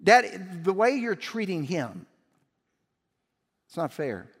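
Man putting on a bitter ranting older brother, high raised voice, long hall reverb. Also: animated, brisk. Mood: resentful. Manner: indignant, complaining, raised voice.

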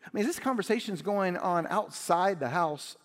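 Male pastor, sermon, emphatic, fairly high voice, long hall reverb. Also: animated, normal speed. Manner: emphatic, building to raised intensity.

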